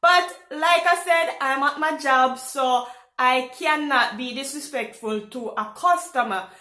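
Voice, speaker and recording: A Caribbean woman in her thirties with a Caribbean accent, telling a personal story to camera in a casual, animated way. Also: high-pitched, measured pace, roomy sound. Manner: animated, exclaims loudly when retelling reactions. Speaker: vlogger. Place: home in France.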